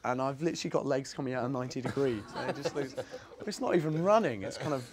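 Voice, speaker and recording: A young English man talks in a loose, rambling way as an interview guest and laughs often. His voice sits at an ordinary middle pitch. It is a relaxed, unscripted chat. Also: quick pace. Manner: chatty, rambling, laughs easily. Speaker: actor guest. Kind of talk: casual interview.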